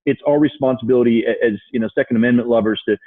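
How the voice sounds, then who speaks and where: A man's voice: medium pitch, fairly even intonation, racing. A male host asking questions in a casual, easygoing and agreeable manner. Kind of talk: casual interview chat. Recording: thin phone-like remote call line.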